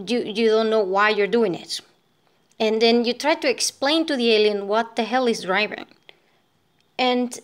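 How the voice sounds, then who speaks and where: A woman from Venezuela talking casually to her viewers, rambling and thinking aloud. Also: on the high side. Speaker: vlogger. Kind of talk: casual talk to camera.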